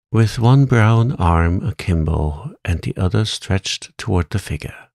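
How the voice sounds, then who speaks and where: A man reading a bedtime story aloud in a calm, soft-spoken, soothing manner. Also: sits low, vocal fry, no room sound.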